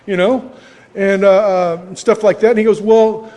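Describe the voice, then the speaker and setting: A man with a fairly high voice tells his recovery story in a loose, folksy ramble, laughing at himself along the way. His voice rings out in a club meeting hall with a long reverb. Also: steady tone, moderate pace, darkish tone. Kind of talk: personal recovery story talk.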